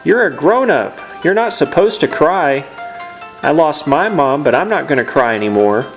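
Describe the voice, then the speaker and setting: A man's voice: a little high, expressive, moderate pace, soft background music, voice pushed up. A man voicing a stern little girl mage in a video game, reading her lines in a raised voice. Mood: scolding.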